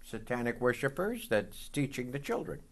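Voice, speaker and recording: Very animated and mid-range in voice, this man preaches as a pastor, guiding call-and-response exchanges and reading passages of scripture slowly and with deliberation.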